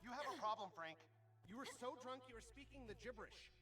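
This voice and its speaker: Game townsman, fussy, worried, formal, bright tone, highly animated delivery. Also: fast talker, soft background music, exaggerated voice. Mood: fretful.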